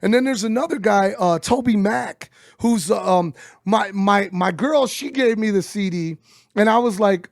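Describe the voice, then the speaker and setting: A middle-aged man, telling a story as an interview guest, animated and swearing as he acts out quotes. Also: sits high, normal speed, creaky, no echo, clean studio sound. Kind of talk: casual storytelling.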